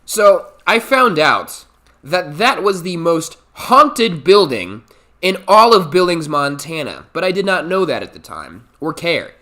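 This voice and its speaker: A young man telling a comic story about his life, profane and animated, acting out the people in it. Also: on the high side, a little slow. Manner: animated, profane, acts out quoted voices. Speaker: storytime YouTuber. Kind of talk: comedic storytime monologue.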